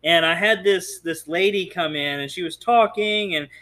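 Bright, high-pitched teasing co-host. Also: male voice. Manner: teasing, quick banter. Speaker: podcast co-host. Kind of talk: casual podcast banter.

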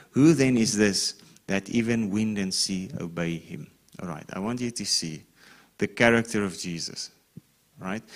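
A man preaching a sermon in a conversational way, reading scripture aloud and often checking in with the listeners. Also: medium pitch. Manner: reads scripture with rising emphasis. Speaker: pastor.

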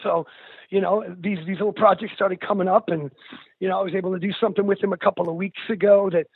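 A man's voice: high voice, fairly even intonation, quick pace, breathy edge, dry recording. An older man, a musician, speaking as an interview guest in an earnest, candid way, calling the host dude and bro. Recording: tinny phone line.

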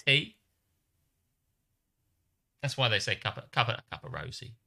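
An English man co-hosting a relaxed chat, swinging his pitch all over as he tells stories and laughs. His tone is very bright and cutting, and he often breaks into laughter or squeaky mock voices. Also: a little slow, gravelly. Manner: animated storyteller, often laughing, jumps into high mock voices. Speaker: podcast co-host. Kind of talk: casual banter with laughter.

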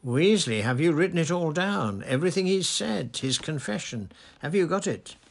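A man voicing a pompous, blustering male minister who is excitable and triumphant. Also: medium pitch, measured pace, vocal fry, voice pushed up. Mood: gleeful.

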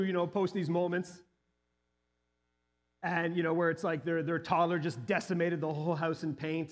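Earnest man preaching, slightly high voice. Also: flat delivery, normal speed. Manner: earnest, personal storytelling with rising emphatic peaks. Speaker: pastor. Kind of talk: sermon.

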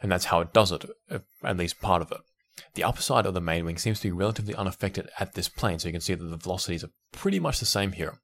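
A man's voice: low voice, fast talker, fairly bright tone, slight background noise. A man hosting an educational podcast, explaining technical results with enthusiasm and an easy, explanatory manner. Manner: enthusiastic, explanatory, occasional restarts and laughs. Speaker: podcast host.

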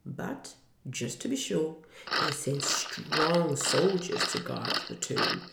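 Low gravelly woman reading a storybook. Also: lively intonation, slow pace, very noisy. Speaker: parent reading to listeners. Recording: roomy echo.

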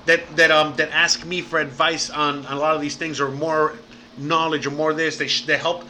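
Male livestream host, slightly high and very bright voice, loose and profane delivery. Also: level tone, moderate pace, slight background noise. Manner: rambling and profane, says bro and man often. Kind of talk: casual livestream chat.

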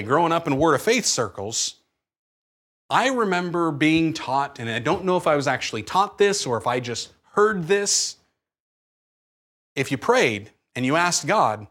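A man preaching a sermon, animated, acting out his own pleading prayers. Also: a little high. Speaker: pastor.

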